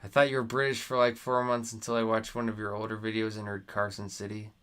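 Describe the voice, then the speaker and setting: A young American man with a lowish voice chats casually on a live stream while playing a geography quiz. He reads viewer comments aloud, talks back to them, and swears when something annoys him. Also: level tone, quick pace, fairly bright tone, clear, resonant tone. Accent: American, Nevada. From United States.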